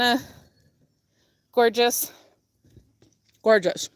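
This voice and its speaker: Woman, young, fairly high voice, gushing, chatty, outdoors, phone livestream. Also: expressive, unhurried, no room sound. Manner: gushing, chatty, trails off with fillers and laughs. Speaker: livestream host. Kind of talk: casual livestream tour. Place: outdoors on a farm property.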